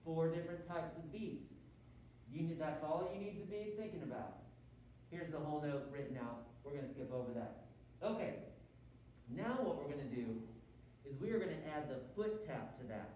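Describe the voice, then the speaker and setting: A man's voice: fairly high pitch, moderate pace, mellow, very echoey, recorded from a distance, a little hiss or hum, low-quality recording. A man teaching a rhythm lesson, counting beats aloud and having students repeat after him. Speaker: music teacher.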